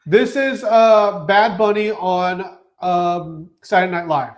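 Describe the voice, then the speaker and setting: A man's voice: high-pitched, steady tone, slow pace. A man hosting a podcast, talking in loose, joking banter with many restarts. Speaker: show host. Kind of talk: casual podcast chat.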